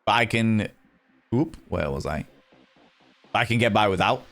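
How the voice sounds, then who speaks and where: A man's voice: fairly low pitch, animated, unhurried, a bit bright. A man streaming live and chatting casually, playfully teasing and greeting his viewers by name.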